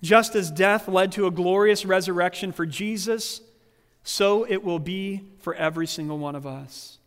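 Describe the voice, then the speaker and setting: In a church sanctuary, a male pastor preaches with a high, animated voice that slips into playful quoted voices. His tone is clear and resonant, and a long hall reverb trails every line.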